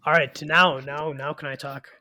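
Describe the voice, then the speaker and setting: A man's voice: on the high side, flat delivery, normal speed, bright, forceful tone. A young man in a heated casual sports argument, defensive and repeating himself. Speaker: debater.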